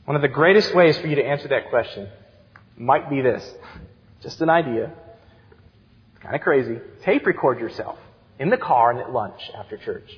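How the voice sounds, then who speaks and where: A man in his thirties preaching a sermon as youth director, telling stories with animated, acted-out voices, heard in a church sanctuary. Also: mid-range voice, moderate pace, long pauses. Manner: animated storytelling, acts out excited voices. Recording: dull sound with long church reverb.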